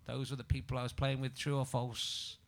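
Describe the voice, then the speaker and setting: A man's voice: mid-range voice, flat delivery, a little fast. A man hosting a live comedy podcast on stage, teasing the audience as a laughing quizmaster. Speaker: podcast host running an audience quiz.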